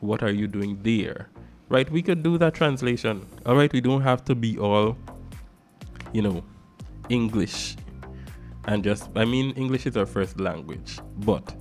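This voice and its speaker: A Guyanese man with a Guyanese accent hosts a radio talk show, delivering a casual monologue in an animated, emphatic way that swings between loud stresses and soft asides. His voice is mid-range and his pace measured, with soft music playing in the background.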